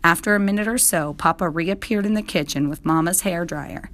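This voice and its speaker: A woman reading a children's story aloud in a steady, clear manner. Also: fairly low pitch, brisk. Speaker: narrator.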